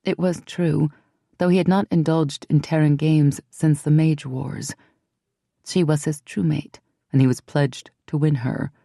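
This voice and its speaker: An audiobook narrator telling a fantasy romance in an even, measured way. The voice is gravelly and mellow, recorded close and dry. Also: medium pitch, dry recording. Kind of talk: scripted narration.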